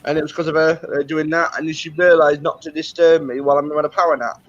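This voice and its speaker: A man, a guest chatting casually and telling slow, laid-back stories between short agreeing replies. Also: on the high side, level tone, a bit bright, lo-fi sound. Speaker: guest on the show. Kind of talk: casual chat.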